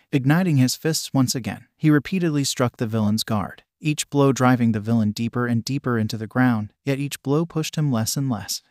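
A man narrating a scripted action fan story in a steady read-aloud manner. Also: medium pitch, no echo, studio quality.

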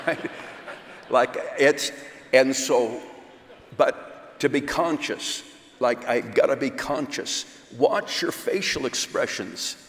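A man of middle pitch speaks slowly and deliberately, leading a seminar at a church conference. His delivery is self-deprecating, with quick chuckles between points. He is recorded in a big room with a long, echoey reverb. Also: fairly bright tone. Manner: slow, unhurried delivery. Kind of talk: church seminar talk with humor. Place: large hall at a church conference.

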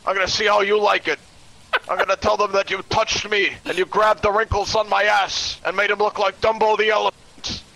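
A man putting on a gravelly, high-pitched crude old grandpa. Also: brisk, exaggerated voice, low-quality recording. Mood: bickering. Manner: bickering, deadpan mock-serious. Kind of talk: in-character game role-play.

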